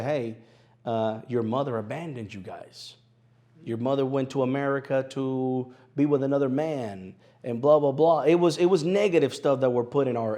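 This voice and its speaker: A man in his thirties from Venezuela tells his story in an interview, his Spanish accent softened by a country twang. He speaks at a middling pitch. He repeats phrases for emphasis and laughs easily. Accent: Venezuelan Spanish with an East Tennessee twang. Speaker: interview guest, sports broadcaster.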